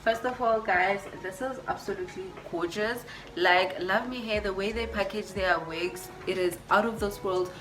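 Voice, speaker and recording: A woman's voice: mid-range voice, moderate pace, music in the background. A woman beauty vlogger doing a casual unboxing, gushing over each item and repeating her words as she talks to her viewers.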